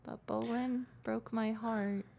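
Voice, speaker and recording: A young woman co-hosting a college radio show, silly and excitable, joking with her friend in a small booth on a studio microphone. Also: a little high, takes it slowly, vocal fry, slight background noise. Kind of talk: casual fan chat.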